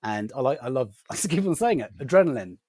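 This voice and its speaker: A man with a non-rhotic accent tells animated stories on a casual podcast. His voice is mellow and lively, with wide swings in pitch. The room sound is dry and close. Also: a little fast, slightly rough, no echo. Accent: non-rhotic English, drops R sounds. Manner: animated, laughing anecdote teller. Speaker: podcast guest. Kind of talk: casual storytelling chat.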